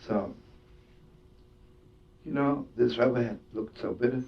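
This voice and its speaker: Speaking at a measured pace with noticeable vocal fry, a man tells a story as a sermon. He's a rabbi and storyteller, and his telling brims with Yiddish expressions and laughter. The audio is distant and dull, a lo-fi capture with a faint rumble underneath.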